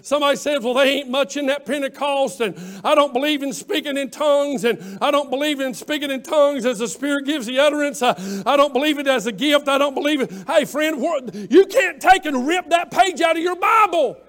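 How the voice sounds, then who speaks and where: A man preaching an impassioned revival sermon as pastor, often shouting and calling out members of the congregation by name. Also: very high-pitched, fairly quick, few pauses.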